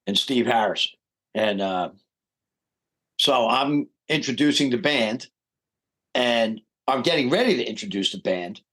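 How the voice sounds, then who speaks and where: A middle-aged man, a rock singer guesting on a podcast, telling a story with lively acted-out quotes. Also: medium pitch, husky. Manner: animated storyteller who acts out quoted voices. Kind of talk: casual storytelling interview.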